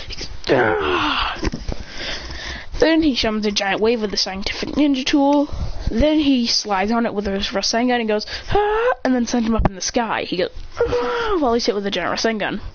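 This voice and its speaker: A woman's voice: fairly high pitch, brisk, hardly any pauses, muffled recording, slight background noise. A woman casually retelling an action fan story in breathless, run-on sentences.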